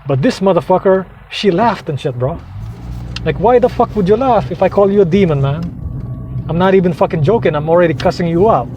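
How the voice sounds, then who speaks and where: A man's voice: sits high, expressive, brisk. A man vlogging an angry, profane rant to his viewers, heated and repetitive. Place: outdoors, heading out to drive. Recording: noisy outdoor traffic.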